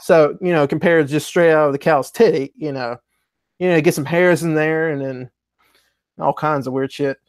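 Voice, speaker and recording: A man's voice: a little high, moderate pace, clean tone, no room sound, studio quality. A man co-hosting a live stream in casual chat, swearing and laughing easily. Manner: profane, laughs a lot, lively.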